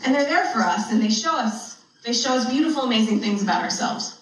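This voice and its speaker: A spiritual speaker tells a funny spiritual story in a chatty way, laughing often between lines. Her voice is on the high side with lively intonation, and she talks fast. The room is very echoey and the mic sits at a distance.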